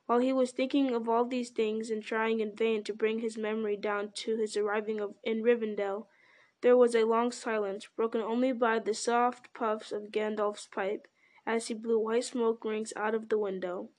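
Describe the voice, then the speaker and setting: A woman reads a novel aloud at a steady, unhurried pace. Her voice sits fairly high and the narration stays even and clear. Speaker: audiobook reader.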